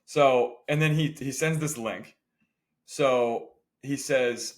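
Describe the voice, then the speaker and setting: Male podcast co-host, casual and animated, mimics people mid-story. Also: mid-range voice, takes it slowly. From Indiana. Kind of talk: casual chat.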